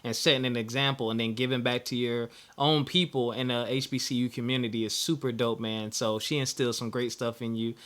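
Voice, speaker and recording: A male podcast host talks in a casual interview, encouraging and affirming his guest. His voice is bright and forceful. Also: medium pitch, fairly even intonation, brisk, few pauses. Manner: encouraging, affirming, says "man" often.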